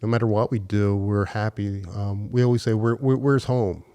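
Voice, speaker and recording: A man's voice: on the low side, steady tone, moderate pace, mellow, clean tone. A man speaking as a podcast guest in casual conversation, hesitant with many fillers.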